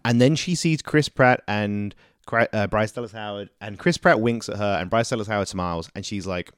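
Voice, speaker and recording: A man co-hosting a casual movie podcast, retelling scenes with animated delivery. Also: lowish voice, clean tone, no room sound, studio quality. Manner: animated, acts out scenes in quick impressions. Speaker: podcast co-host. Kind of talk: casual movie review chat.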